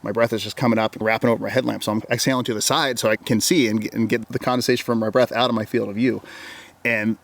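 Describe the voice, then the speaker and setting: A man's voice: lowish voice, level tone, quick pace, gravelly. A man from Oregon, a wilderness guide, casually telling a long story in an interview, often repeating himself and quoting his own words. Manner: rambling, repeats words, quotes himself with "I'm like". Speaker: interview guest recounting an encounter.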